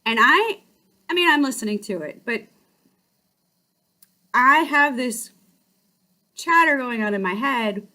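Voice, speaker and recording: A woman who hosts a life-coaching channel, telling a personal story in a casual, animated way with quick restarts. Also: high-pitched.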